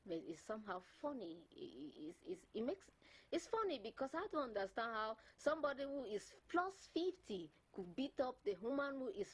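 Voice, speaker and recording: Woman, talk show host, husky voice, animated, laughs often, repeats words. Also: mid-range voice, low-quality recording. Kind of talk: bilingual talk show chat.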